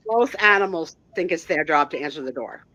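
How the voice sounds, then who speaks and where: A woman's voice: sits low, animated, brisk, sharp tone, muffled recording. A woman chatting casually as a guest on a live stream, rambling with restarts over a video call. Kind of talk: casual chat.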